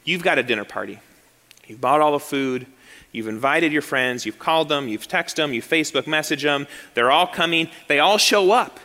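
A man preaching an animated sermon as pastor, acting out excuses in quoted voices. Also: on the high side, normal speed. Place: church sanctuary. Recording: long hall reverb.

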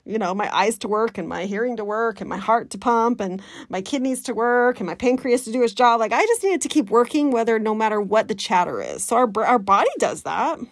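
A woman life coach, talking to her listeners in a chatty, animated way and slipping into the voice of her inner critic. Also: on the high side, brisk, few pauses, no room sound, studio quality. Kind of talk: coaching podcast talk.

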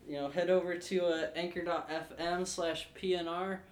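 A man's voice: high voice, level tone, normal speed. A man hosting a casual podcast chat, laid-back and tired, with many fillers. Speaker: podcast host. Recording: echoey room with faint noise.

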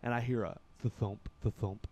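A man from Kentucky, a podcast guest telling a story in casual talk, swinging from loud bursts to hushed, low stretches. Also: fairly even intonation, normal speed, dull audio.

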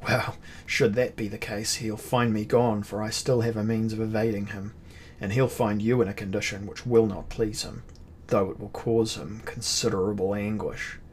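A man's voice: fairly low pitch, level tone, normal speed, a little mellow, slight background noise, lightly acted. A man playing an arrogant, cruel demon-lord prince who barks orders and boasts, in a storybook reading. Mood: sneering. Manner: boastful, barking commands.

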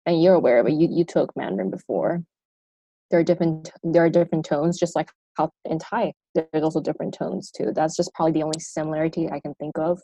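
A woman with an American accent muses aloud as a podcast co-host, trailing into long sentences and restarting them as she thinks. Her voice sits fairly low and sounds soft and mellow. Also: fairly even intonation, fast, no echo, rough recording. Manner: reflective, talks in long winding sentences with restarts. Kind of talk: casual chat.

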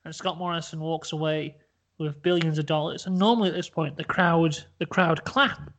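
Brief: young male podcast host, mock-dramatic storyteller, slightly high voice. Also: fairly even intonation, normal speed, fairly bright tone. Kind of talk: comedic storytelling.

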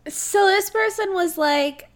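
A woman's voice: extremely high pitch, slow pace. A woman co-hosting a casual podcast, ranting animatedly and swearing while retelling a movie. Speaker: podcast co-host. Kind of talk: casual chat.

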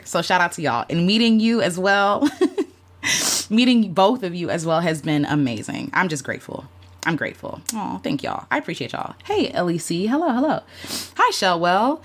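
An emotional woman talks through her year on a live stream, loose and candid, full of "um" and "like." Her voice sits a little low for a woman. She stops often to greet and thank viewers by name. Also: a bit bright. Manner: heartfelt, talks openly with lots of fillers and "like". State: emotional, near tears at times. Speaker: content creator hosting a livestream. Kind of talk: casual live-stream chat reflecting on the year.

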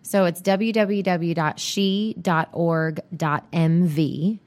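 Slow and fairly even in intonation, this woman's lowish voice has a darkish tone. She co-hosts a podcast in easygoing, agreeable chat, often dropping in short replies.

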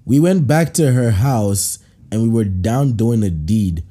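Lively, husky-voiced man riffing loudly. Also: on the low side. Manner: animated, quick to laugh, riffs in playful voices. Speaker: podcast host. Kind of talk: reading and reacting to listener stories.

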